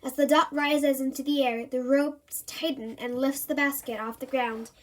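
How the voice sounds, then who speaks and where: A woman reading a children's chapter book aloud in an even storytelling manner. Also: sits high, moderate pace. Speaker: reader.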